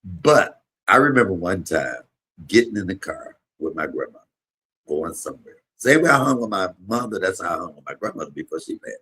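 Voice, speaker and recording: A man in his fifties, a comedian streaming a casual chat and telling emotional, rambling stories with sudden loud bursts. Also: low-pitched, very animated, a little fast, husky. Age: 50s. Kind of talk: casual livestream chat and storytelling.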